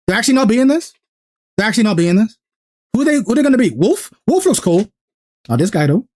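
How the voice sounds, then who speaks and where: Excitable, profane male streamer. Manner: excited, profane, talks fast and gets louder and higher when hyped. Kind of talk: casual reaction commentary.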